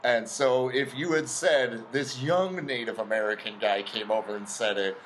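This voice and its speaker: A man's voice: medium pitch, normal speed, a little hiss or hum, rough recording. A man co-hosting a casual podcast, teasing and joking, often laughing as he talks. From grew up on a reservation. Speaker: regular co-host.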